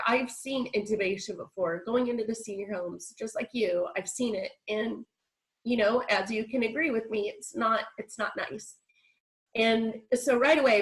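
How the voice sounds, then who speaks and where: This woman speaks at a fairly high pitch over a rough recording. Appearing as a guest speaker on a video call, she tells her story frankly, working in quoted dialogue, while sounding breathless and nasal with congestion.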